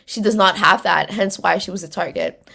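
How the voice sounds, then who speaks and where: A North American woman chats casually as she hosts a livestream and answers viewer comments. Her voice sits at a middle pitch, and her talk is loose and slangy, with plenty of fillers and false starts. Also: normal speed, vocal fry, sharp tone, husky. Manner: chatty and slangy, many fillers and restarts. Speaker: host of a reality show recap stream.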